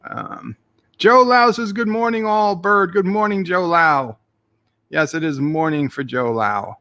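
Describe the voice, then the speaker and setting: A man's voice: sits high, measured pace, pushed and bright. A man hosting a live stream, reading out chat messages in a joking, rambling way with a put-on Irish-Australian accent. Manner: jokey, rambling, playful silly voices. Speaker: livestream host reading chat.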